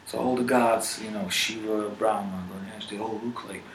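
Gravelly guy telling a devotional story, lots of fillers, echoey room. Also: fairly low pitch, moderate pace, few pauses, far from the mic. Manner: animated, filler-heavy retelling. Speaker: spiritual speaker. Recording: roomy with faint noise.

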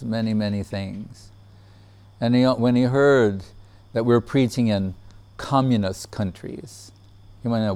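A man telling a personal memory in casual storytelling, relaxed, laughing often and acting out what others said. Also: on the low side, smooth.

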